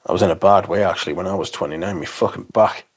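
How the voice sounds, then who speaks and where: A man's voice: low voice, quick pace, husky. A man around forty, hosting a casual livestream, chatting and reading out viewer comments in a rambling, swearing way. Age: 40s. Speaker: fragrance livestream host.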